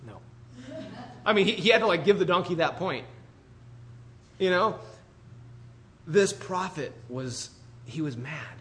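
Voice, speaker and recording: A man preaching a conversational sermon in an animated, chatty way, full of asides to the congregation. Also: high-pitched, unhurried, pauses often.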